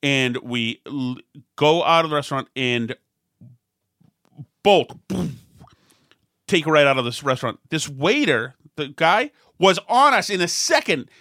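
A middle-aged man telling a rambling, self-mocking story in a casual chat, often restarting and acting out angry shouts. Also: a little high, sing-song, a little slow, pauses often, no room sound, clean studio sound. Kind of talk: casual anecdote.

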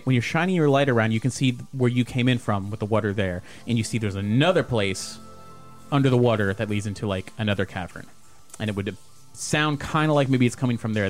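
A man's voice: on the low side, fast talker, faint music behind. A man narrating as game master of a tabletop horror game, rambling with many restarts.

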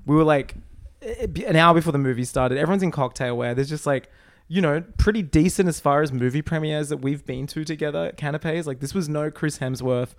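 A man's voice: on the high side, a little fast, no echo. A man co-hosting a podcast, chatting with eager, slangy enthusiasm. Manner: enthusiastic, slangy, says "dude" and "like". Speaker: podcast co-host. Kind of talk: casual chat.

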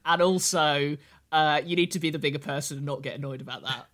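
A man's voice: on the high side, fairly even intonation, quick pace, a bit bright. A man co-hosting a casual comedy podcast, playful and given to hammy showman announcements. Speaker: podcast co-host. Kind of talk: casual comedic chat about songs.

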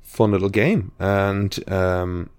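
A man's voice: sits low, fairly even intonation, takes it slowly, darkish tone, clean tone, no echo, studio quality. A man hosting a podcast in casual chat, rambling and hesitant with lots of fillers. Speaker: podcast host.

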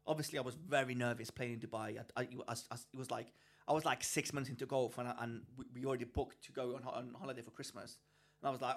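A man from England co-hosting a podcast, telling a story in a lively, animated way and often restarting his sentences. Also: medium pitch, quick pace. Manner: animated storyteller, acts out quoted people, frequent restarts. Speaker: podcast co-host. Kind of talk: casual chat, storytelling.

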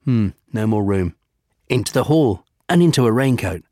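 A man narrating a children's storybook, savouring lists with gentle humour. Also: on the low side, lively intonation, normal speed, dry recording, clean studio sound.

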